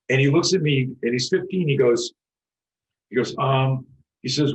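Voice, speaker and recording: A man in his sixties, a podcast guest who teaches self-defense, telling stories in an animated, profane way and acting out the voices of the people in them. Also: fairly low pitch, fairly quick, a little hiss or hum. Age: 60s. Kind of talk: storytelling interview talk. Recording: dull lo-fi recording.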